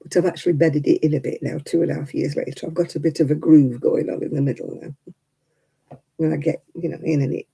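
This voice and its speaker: Old lady in her 70s, gravelly raspy voice, dark and rambly, chatting away on her craft stream. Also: sits low, fairly even intonation, brisk, low-quality recording. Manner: rambling, chatty, chuckling storyteller. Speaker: crafting livestream host. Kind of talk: casual chat.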